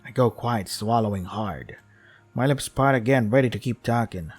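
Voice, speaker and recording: Husky-voiced man reading a game aloud. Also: medium pitch, normal speed, faint music behind. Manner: wry, swearing asides. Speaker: game streamer. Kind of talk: reading a visual novel aloud with commentary.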